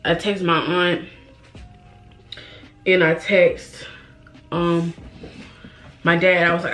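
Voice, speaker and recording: A young woman vlogging while doing her makeup, holding back tears and talking in a halting, repetitive way. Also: on the low side, level tone, a bit bright, faint music behind. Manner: halting, emotional, repeats herself, sighs. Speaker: beauty vlogger. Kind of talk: get-ready-with-me chat.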